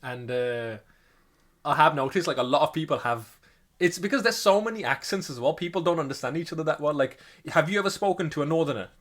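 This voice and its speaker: A man's voice: fairly high pitch, animated, quick pace, fairly bright tone. A man co-hosting a podcast, talking casually in a rambling, self-correcting way with frequent chuckles. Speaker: podcast co-host. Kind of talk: casual chat.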